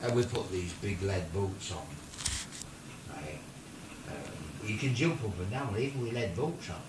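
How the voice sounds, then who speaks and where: An older man, a grandfather, telling a silly made-up story in an animated way, with squeaky put-on voices for the people in it. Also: unhurried, background noise. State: ill. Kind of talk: playful bedtime-style storytelling. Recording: roomy home video from a distance.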